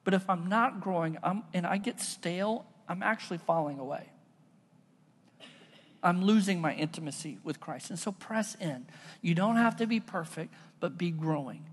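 A man's voice: high-pitched, moderate pace, slightly rough. A man preaching a sermon as a pastor, in a casual, conversational style that mixes stories into his preaching. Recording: long reverb of a large hall.

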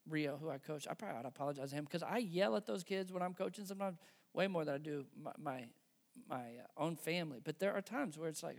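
A middle-aged man delivering a sermon, earnest and exhorting as he addresses parents directly. His voice sits high for a man and carries a strong gravelly fry throughout. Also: brisk. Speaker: pastor.

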